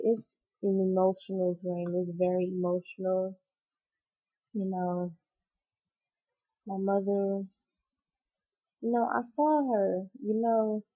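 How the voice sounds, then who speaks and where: A young woman telling a personal story on her channel, rambling and emotional with many fillers. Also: medium pitch. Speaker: vlogger. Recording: dull lo-fi recording.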